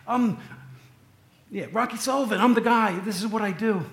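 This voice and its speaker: A man doing an impression of a sneering 1930s movie gangster, voiced higher and louder than his own talk. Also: normal speed, echoey room. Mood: defiant. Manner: sneering, clipped tough-guy drawl.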